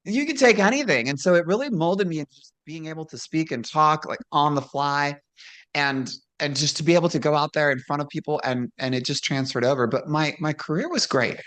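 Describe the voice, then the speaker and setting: Brisk and a bit bright, with a voice that sits low, the ex-wrestler speaks as a guest in relaxed conversation. She tells frank stories, laughing a lot and voicing what people said.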